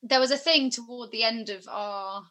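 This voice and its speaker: Bright, chatty young woman. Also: on the high side, moderate pace. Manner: chatty, rambling, many fillers. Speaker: guest musician and actor. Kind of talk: casual interview chat.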